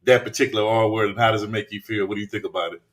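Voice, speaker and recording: A man's voice: lowish voice, fairly even intonation, rapid-fire. A young man hosting a casual livestream chat, laid-back, often saying "you know what I'm saying". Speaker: podcast host.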